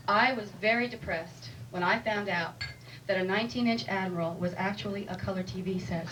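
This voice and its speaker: A female stand-up comedian with a wry, self-deprecating delivery, heard on a distant mic in a noisy club. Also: mid-range voice.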